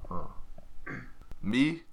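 A man's voice: very slow, very noisy. A young Canadian man being interviewed as a baseball player, laid-back, laughing often and stammering through his answers. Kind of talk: casual interview chat.

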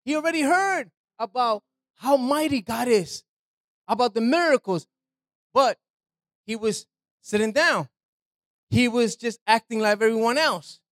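A man's voice: extremely high pitch, a little slow, pauses often, fairly bright tone, dry recording. Guy preaching super casual, keeps going "right?" and "man", dry close sound. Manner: conversational, checks in with listeners; slangy, repeats "man" and "right". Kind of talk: informal sermon.

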